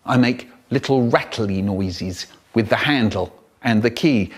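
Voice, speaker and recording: A man telling a comic story about his childhood in a lively, vivid way. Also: medium pitch, measured pace, noisy background. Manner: lively, vivid storyteller who acts out the scenes. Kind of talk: comic childhood storytelling, chopped by remix edits.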